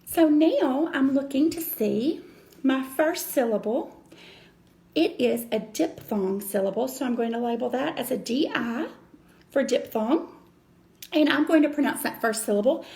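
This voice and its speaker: A woman teacher walks children through a reading lesson, patient and deliberate. Her voice sits a little high with a gravelly fry in it. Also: a little mellow. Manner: slow, patient step-by-step explaining.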